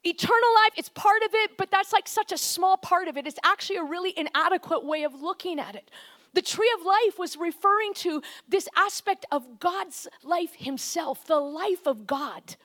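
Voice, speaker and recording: A woman preaching a conversational, animated sermon, often shifting into quoted voices. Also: extremely high pitch, moderate pace.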